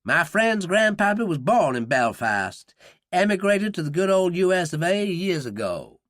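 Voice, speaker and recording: A man's voice: high-pitched, big pitch swings, moderate pace, fairly bright tone, no room sound, studio quality, voice pushed up. A man voicing an Irish ex-gunman who puts on a hearty southern American accent. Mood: put-on swagger. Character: cocky Irish ex-gunman putting on a brash American drawl.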